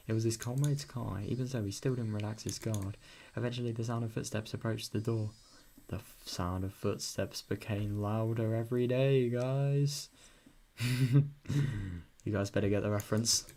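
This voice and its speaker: British man reading and reacting, lowish voice. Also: steady tone, normal speed, a little mellow. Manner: chatty, swears often, reacts with sudden bursts. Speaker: video novel reader. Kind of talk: reading a visual novel aloud with casual commentary.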